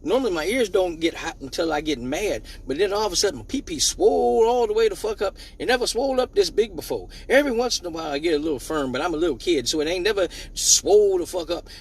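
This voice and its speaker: A man hosting a live show, telling a personal story in a casual, animated way, swearing freely and acting out the dialogue. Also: high-pitched, fast, hardly any pauses, breathy edge.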